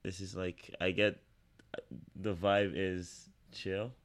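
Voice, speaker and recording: Deep-voiced hesitant man. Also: level tone, slow pace. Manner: hesitant, many ums. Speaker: podcast guest. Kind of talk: casual chat.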